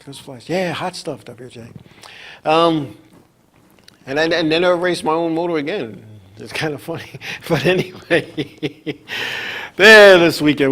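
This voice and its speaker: A man hosting a show, telling a long racing story in a rambling, animated way with frequent restarts and asides. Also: fairly high pitch. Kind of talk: casual storytelling monologue.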